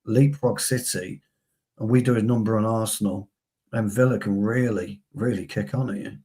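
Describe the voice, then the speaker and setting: A man with a fairly low voice, chatting casually about football as a co-host. His talk is full of banter and asides to his partner. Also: steady tone, moderate pace, warm tone, breathy edge. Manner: chatty, banter-filled, addresses co-host as pal. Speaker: fan channel co-host. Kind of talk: casual football fan chat.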